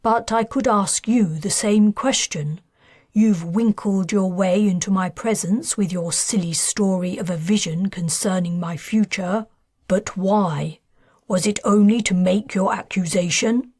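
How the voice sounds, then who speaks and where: Woman narrator plays a firm, controlled man striking a deal; slow and deliberate. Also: high voice, a little mellow, no room sound, clean studio sound. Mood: bargaining. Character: guarded, bargaining upper-class man.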